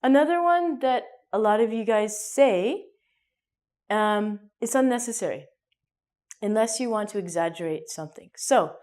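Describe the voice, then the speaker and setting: Canadian lady teaching english, goofy and jokey, acts out little skits, mid pitch. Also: expressive, moderate pace. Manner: playful, jokey, acts out mini scenes with sudden loud and hushed bits. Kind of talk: casual online English lesson.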